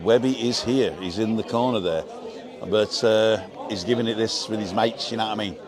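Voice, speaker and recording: A man's voice: fairly low pitch, moderate pace. Older guy live streaming from a bar terrace, chatty and rambling, lots of crowd noise behind. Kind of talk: casual live-stream chat, reading viewer comments. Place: outdoor bar terrace in the sun.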